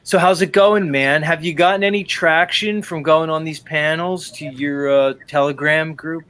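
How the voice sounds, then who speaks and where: A man's voice: a little high, fairly even intonation, moderate pace, fairly bright tone. A man hosting a live panel stream, talking loosely and casually, swearing freely and wandering into long asides.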